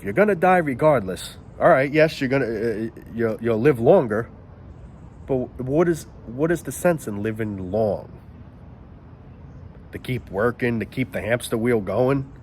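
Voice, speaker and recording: A man's voice: mid-range voice, slight background noise. A man in a casual, rambling monologue, often stopping to search for the right word. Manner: rambling, searches aloud for words. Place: outdoors near planes and traffic.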